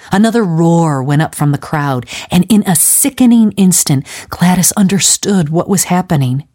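Female audiobook narrator, lower register, measured and dramatic. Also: a little mellow. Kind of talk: storybook narration.

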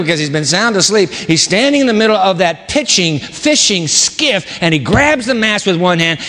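Animated high-voiced male preacher in a reverberant hall. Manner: dramatic, swings from loud to hushed low emphasis. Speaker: pastor. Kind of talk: sermon. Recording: long reverb of a large hall.

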